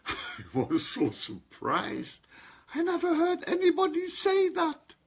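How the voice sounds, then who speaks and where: A man's voice: very high voice, wildly swooping pitch, slow, gravelly. A man preaching a sermon, stressing single words and calling on his listeners to respond. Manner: emphatic, calls on listeners to respond.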